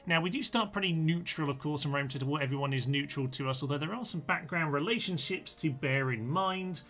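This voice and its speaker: A man's voice: fairly high pitch, brisk, sharp tone. A man commenting on a live-streamed strategy game, chatty and full of ums as he reads out and answers viewers' chat comments.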